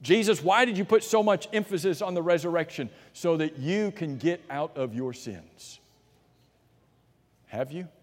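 A man preaching a sermon in a slightly higher voice, pressing his points with rising force, then dropping to a hushed hush. He asks rhetorical questions and answers them himself. A long hall reverb trails behind his words. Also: unhurried. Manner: emphatic, swings between loud and hushed.

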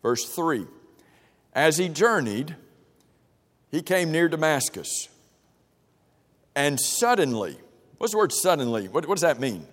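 Leading a Bible class in a church meeting room equipped with a projector, a man reads verses and quizzes the group in a relaxed, conversational way with many restarts. His slightly high, a bit bright voice is very animated yet unhurried, with long pauses, and a big room's lingering reverb fills the recording.

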